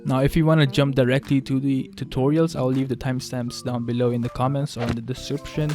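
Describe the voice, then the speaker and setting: A young man explains beatbox techniques in a loose, chatty way, restarting sentences and joking as he goes. His voice sits at a middle pitch with very little melody. Faint music plays underneath. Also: flat delivery, fast talker. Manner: rambling, self-correcting, playful. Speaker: beatbox tutor. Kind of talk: casual video tutorial.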